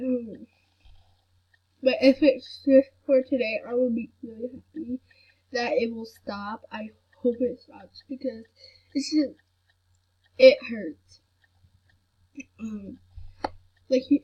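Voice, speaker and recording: Sick young-sounding woman vlogger, slightly high, slow soft rambling delivery. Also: husky. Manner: soft-spoken, rambling with many fillers. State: sick with a headache. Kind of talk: casual chat to camera. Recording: dull lo-fi recording.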